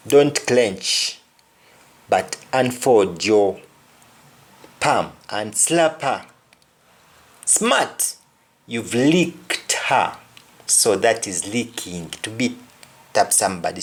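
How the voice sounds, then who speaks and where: A man giving a spoken language lesson, explaining phrases carefully and repeating words for emphasis. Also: on the low side. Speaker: language teacher.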